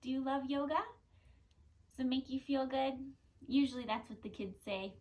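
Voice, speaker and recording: Young woman guiding kids thru yoga, upbeat and encouraging, pretty high voice. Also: moderate pace, poor audio. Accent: Californian. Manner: gentle, playful, encouraging. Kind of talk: guided kids yoga class.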